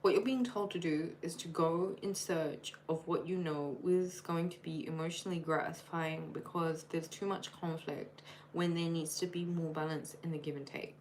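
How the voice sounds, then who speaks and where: Casting: woman, low voice, chatty tarot reader on a live stream, cards shuffling, noticeable noise. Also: steady tone, normal speed, hardly any pauses, darkish tone, low-quality recording. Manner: chatty, addresses each sign by name, playful nicknames.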